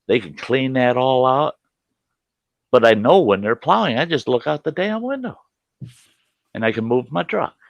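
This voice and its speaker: A man's voice: medium pitch, gravelly, no room sound. A middle-aged man telling a salty, folksy story to his livestream chat, laughing often. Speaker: livestream host. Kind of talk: casual storytelling to a live chat.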